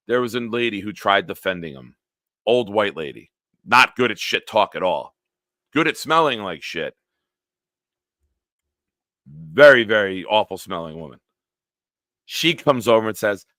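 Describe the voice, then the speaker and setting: A man hosts a casual sports live stream and rants freely, swearing often. His voice sits fairly low but comes across hard and forceful. The sound is dry and close, with no room around him. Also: sing-song, moderate pace, pauses often, dry recording. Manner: profane, riled-up ranting; answers live chat comments. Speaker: sports talk show host.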